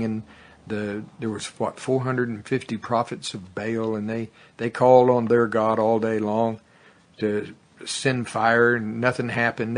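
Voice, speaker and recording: A man preaching a fervent sermon that builds to loud exclamations, then leads a prayer. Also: fairly low pitch. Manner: fervent, rising to exclamations, tongues.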